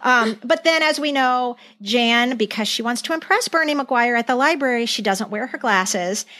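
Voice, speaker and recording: Animated middle-aged woman co-hosting a podcast. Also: fairly high pitch, normal speed. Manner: animated storyteller, acts out lines. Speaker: podcast co-host. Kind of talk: casual chat.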